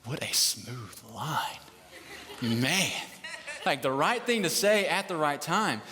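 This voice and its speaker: A pastor with a fairly high, bright voice preaches a casual sermon to a live audience in a large hall, joking and checking in with listeners often. He speaks slowly, expressively and forcefully, with slight background noise and a long hall reverb.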